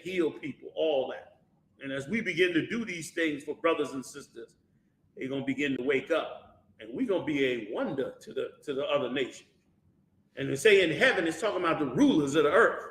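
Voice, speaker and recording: A high-pitched man leads a scripture class, preaching with lively energy and loose street slang. He throws question after question at his listeners. The sound bounces around an echoey room. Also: brisk. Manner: animated, asks the class rhetorical questions, colloquial slang. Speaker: Bible class teacher. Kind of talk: preaching-style scripture lesson.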